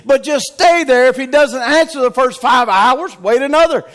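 A man preaching a revival sermon, swinging from shouted exhortation to hushed, near-whispered tenderness. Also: very high-pitched, normal speed.

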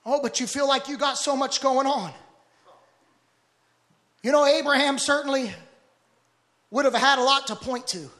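A man preaching a sermon with fervent, rhythmic repetition that builds to shouts. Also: very high-pitched, moderate pace, long pauses.

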